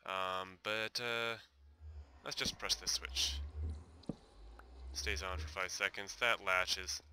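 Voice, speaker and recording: A young man with a deep voice and a sharply bright, forward tone talks through a game build as he plays. He stops often to think, filling gaps with ums and uhs. Faint background noise and mouse clicks sit under his voice. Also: steady tone, takes it slowly. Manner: thinking aloud, hesitant with many fillers. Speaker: gameplay commentator. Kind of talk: casual gameplay commentary.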